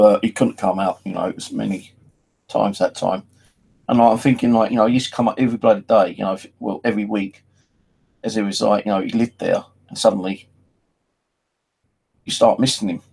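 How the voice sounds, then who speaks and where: A man's voice: on the low side, gravelly, darkish tone, husky, low-quality recording. A man talking in a casual, rambling personal monologue, full of "you know" and freely swearing. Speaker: vlogger.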